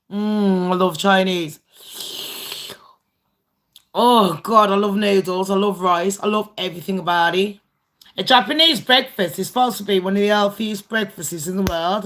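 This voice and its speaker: Bright, sweary British woman. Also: mid-range voice. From Britain. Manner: blunt, sweary, rambling. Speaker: channel host. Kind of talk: casual livestream chat with viewers.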